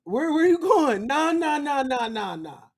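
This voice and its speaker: A slangy, streetwise master, speaking low and heavy as he coaxes a servant to stay and then shuts him down cold, as a man puts him on. His casual talk carries real weight. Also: measured pace, heavily acted. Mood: coaxing. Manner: slangy, coaxing then flatly refusing.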